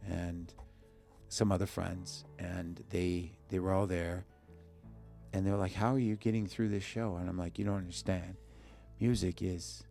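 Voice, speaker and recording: A man's voice: low voice, vocal fry, darkish tone. A man, a musician guest on a podcast in a studio, telling a personal story in short bursts and acting out the dialogue he quotes. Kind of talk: emotional personal storytelling in an interview.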